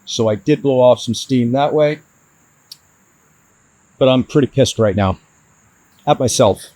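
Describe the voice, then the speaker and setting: A man vlogging his van build to the camera, frustrated and hard on himself, with halting restarts. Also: mid-range voice, a little mellow, dry recording, rough recording. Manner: frustrated, self-critical, talks in restarts. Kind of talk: casual DIY vlog talk to camera.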